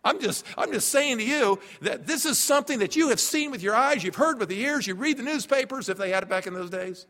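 Male pastor, fervent sermon delivery that swings from quiet to loud, high-pitched, recorded in a big echoing church. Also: animated, a little fast, few pauses. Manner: emphatic, swings from hushed to loud. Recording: long reverb of a large hall.

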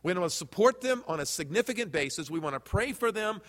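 A man with a high-pitched voice preaches a sermon from the pulpit, speaking straight to his congregation and asking them questions. His voice rings with a long reverb through the church sanctuary. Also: expressive, fast, fairly bright tone. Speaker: pastor.

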